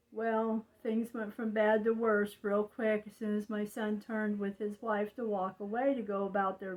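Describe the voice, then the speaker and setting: Slow, rambling older woman. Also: medium pitch, dull audio. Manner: slow, rambling, confiding, with frequent "you know". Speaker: vlogger. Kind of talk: casual monologue.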